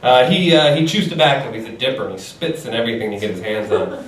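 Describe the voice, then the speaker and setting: On a club stage, a man with a medium-pitched voice performs a fast stand-up set, animatedly telling stories and chuckling through his punchlines. The recording is echoey and distant, with loud noise from the club.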